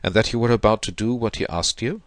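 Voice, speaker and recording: A man voicing a proud, bitter young gentleman who speaks in a stiff, wounded, formal way. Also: lowish voice, quick pace, no echo, lightly acted. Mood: cool.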